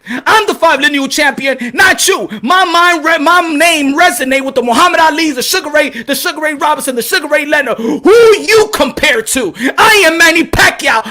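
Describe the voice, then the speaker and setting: Brash aging fighter, boastful and indignant, high and bright; a man putting it on. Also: heavily acted. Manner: loud, boastful, shouting challenges. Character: boastful aging male boxing champion, indignant.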